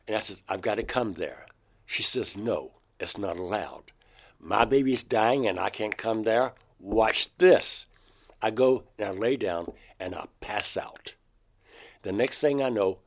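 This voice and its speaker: An older man from Georgia, a guest in an interview, earnestly recounting personal experiences and acting out remembered dialogue with sudden loud outbursts. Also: lowish voice, a little slow. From Georgia, USA.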